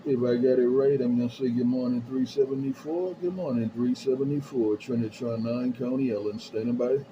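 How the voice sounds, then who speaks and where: Using a handheld CB radio mic at his home base station, a man calls out his handle and greets others in repeated sing-song phrases. His mid-range voice is brisk with fairly even intonation, and the lo-fi sound carries background noise.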